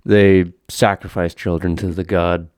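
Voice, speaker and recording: Deep-voiced joking podcast guy. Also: little pitch movement, measured pace, a little mellow, smooth, no room sound, studio quality. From Canada. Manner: crude, profane and joking, explains things at length. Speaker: podcast co-host. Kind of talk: casual chat.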